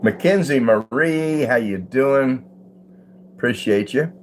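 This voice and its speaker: A man's voice: mid-range voice, lively intonation, slow pace, a little hiss or hum. An older man hosting a casual live stream at home, greeting viewers by name and chuckling easily. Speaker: livestream host. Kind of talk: casual live chat reading comments. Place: at home, indoors.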